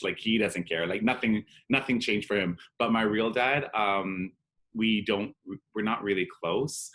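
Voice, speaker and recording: Candid man, low voice, acting out dialogue. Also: measured pace, fairly bright tone. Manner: candid and emotional, acts out dialogue, peppered with "like". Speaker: drag performer and interview guest. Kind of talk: personal storytelling in an interview.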